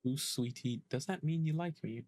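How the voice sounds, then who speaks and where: A man commentating a game playthrough, musing aloud, hesitant and full of pauses. His voice sits mid-range with a dry, close sound. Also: mid-range voice, a little mellow, no room sound. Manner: hesitant, thinking aloud with many ums. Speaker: gaming streamer. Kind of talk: casual let's-play commentary.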